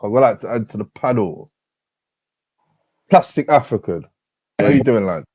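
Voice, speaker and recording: A man's voice: fairly low pitch, animated, moderate pace, a little mellow, slightly rough, no echo. A man hosting a call-in stream, talking in a laid-back way with chuckles. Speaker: host. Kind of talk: casual stream chat.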